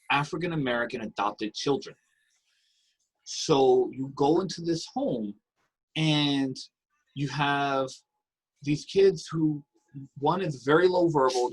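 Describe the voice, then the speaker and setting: A man speaking as a panelist, telling about home visits in a halting way with pauses and fillers. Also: mid-range voice, slightly rough, rough recording. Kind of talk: conference panel talk.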